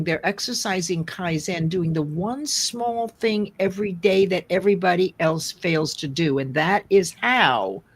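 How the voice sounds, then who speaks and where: Slow, rambling woman host. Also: on the low side. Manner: rambling, restarts sentences, slow and earnest. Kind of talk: live online show chat.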